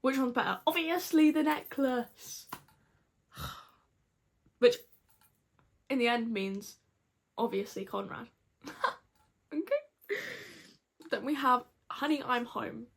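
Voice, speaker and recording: A woman's voice: fairly high pitch, measured pace, creaky. A young woman recapping a TV episode to camera in a gushing, dramatic, chatty way. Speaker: vlogger.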